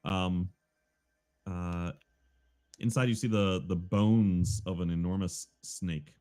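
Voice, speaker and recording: Deep-voiced male game master. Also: fairly even intonation, darkish tone. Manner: halting, filler-heavy narration. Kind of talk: narrating a tabletop game.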